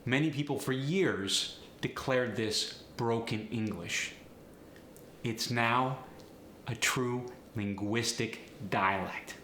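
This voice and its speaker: A man, a dialect coach, explaining in a clear, measured teaching manner. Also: mid-range voice. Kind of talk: instructional explanation. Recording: roomy echo, faint noise.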